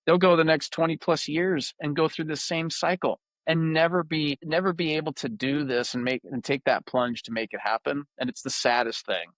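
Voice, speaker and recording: Passionate man with a higher voice. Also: normal speed, few pauses, no echo. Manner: emphatic, preachy, animated. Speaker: podcast host. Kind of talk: passionate interview talk.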